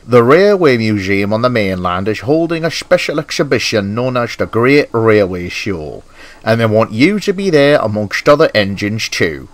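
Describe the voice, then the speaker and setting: A man's voice: lowish voice, big pitch swings, normal speed. Brief: man voicing a portly, authoritative railway controller, proper and formal. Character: stout stern older male railway boss.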